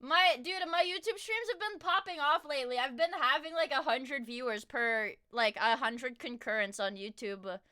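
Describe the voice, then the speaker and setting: A woman streamer chatting casually to her live viewers while reacting to a video, excitable and rambling, often breaking off to apologize. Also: high-pitched, moderate pace, hardly any pauses.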